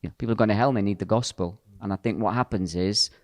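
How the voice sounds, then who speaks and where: A lowish male voice fires off words rapidly with no echo. He's a podcast host and pastor leading a casual discussion, speaking bluntly and directly with a joking edge.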